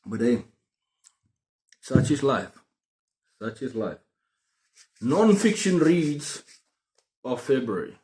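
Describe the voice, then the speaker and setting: A man chatting casually about books on his video channel, excitable and prone to repeating himself. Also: mid-range voice, slow, long pauses. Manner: excitable, repeats words and phrases. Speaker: book vlogger. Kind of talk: casual book review chat. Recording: roomy echo.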